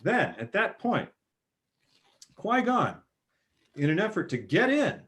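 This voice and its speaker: A man in casual chat, retelling movie scenes with animated bursts of excitement. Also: high-pitched, slow. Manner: animated storyteller, acts out film scenes with sudden loud bursts. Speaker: podcast guest.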